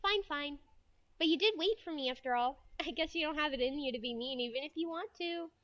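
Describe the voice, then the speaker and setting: A woman voicing a deadpan teenage boy with a lowered voice and a clumsy, exaggerated Italian accent. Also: a little fast, no room sound, lo-fi sound. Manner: lowered, flat, mock-Italian.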